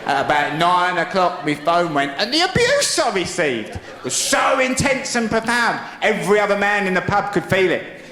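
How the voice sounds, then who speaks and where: A man's voice: high-pitched, big pitch swings, moderate pace, bright, forceful tone. A man with a London accent doing stand-up, telling a wry story, recorded live on stage. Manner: wry, storytelling with put-on voices. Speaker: stand-up comedian. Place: stage before a laughing audience. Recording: roomy live show clip with crowd laughter.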